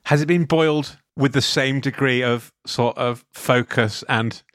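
A man's voice: medium pitch, a little slow, fairly bright tone, dry recording, clean studio sound. A man hosting a comedic podcast, rambling and joking in casual chat, often restarting words.

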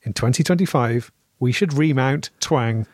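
A man's voice: medium pitch, normal speed. A man, co-hosting a comedy podcast, wryly reading out what he has looked up. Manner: wry, looks things up and reads them aloud. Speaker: podcast co-host reading out research. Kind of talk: casual comedic chat.

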